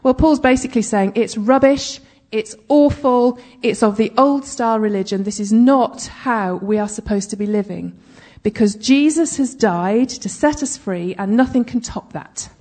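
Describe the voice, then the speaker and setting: A woman leads a Bible study in a relaxed, chatty way, checking in with her listeners and slipping in light asides. Her voice sits a little high but sounds mellow, with a soft husky edge. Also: normal speed, hardly any pauses. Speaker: Bible teacher. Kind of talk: conversational Bible teaching.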